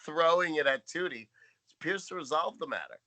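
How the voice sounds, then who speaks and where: A man's voice: a little high, lively intonation, a little fast, sharp tone. A man co-hosting a podcast, making dry, wry remarks in casual chat. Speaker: podcast co-host.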